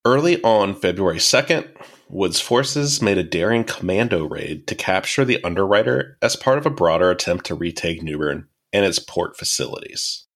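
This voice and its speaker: A man's voice: low-pitched, lively intonation, normal speed, fairly bright tone. A man hosting a podcast, telling a history story in a casual, explanatory way with dry asides. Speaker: podcast host.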